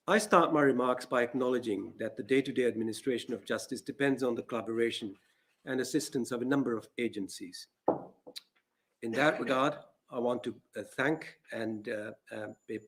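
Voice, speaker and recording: A man, a judge giving a measured, formal address in a courtroom. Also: mid-range voice, breathy edge. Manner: measured, formal, reads from prepared remarks.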